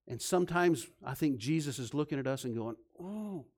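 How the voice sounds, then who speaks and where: A man preaching a sermon, swinging from loud, emphatic points to soft, low passages. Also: fairly quick. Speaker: pastor.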